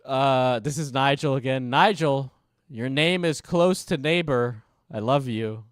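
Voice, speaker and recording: A man in a mid-pitched voice riffs through casual stream commentary, joking and sarcastic. His sound is dry and close, with no room echo. He talks in loose, offhand bursts. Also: unhurried, clean tone.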